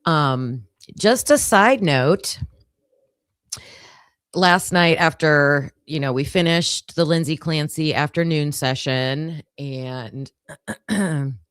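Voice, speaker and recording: A woman's voice: sits low, slow, fairly bright tone, no room sound, clean studio sound. A woman hosting a casual livestream with a groggy morning voice, chatting to her viewers with lots of fillers. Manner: chatty, filler-heavy, talks to chat. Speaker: livestream host.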